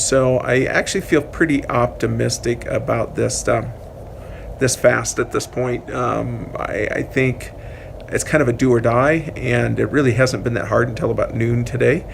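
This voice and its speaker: A man with a gravelly, creaky voice talks candidly to camera, rambling and reflective with plenty of ums and uhs. He is outside, and the recording is noisy, with passing traffic and open-air ambience behind him. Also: mid-range voice. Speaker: vlogger documenting a long fast. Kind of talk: candid personal vlog. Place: outdoors on a sunny walk. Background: outdoor ambience and passing vehicles.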